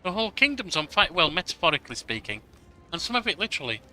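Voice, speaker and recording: A man's voice: high-pitched, big pitch swings, quick pace, bright, forceful tone, voice pushed up, exaggerated voice, rough recording. Man voicing a breathless alarmed young royal advisor. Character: young woman royal advisor, earnest and urgent. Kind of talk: reading game dialogue aloud.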